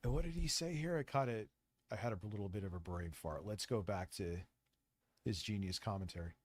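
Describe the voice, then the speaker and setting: A man's voice: on the low side, a little fast. A man giving casual reaction commentary on a stream, blunt and sarcastic, swearing freely.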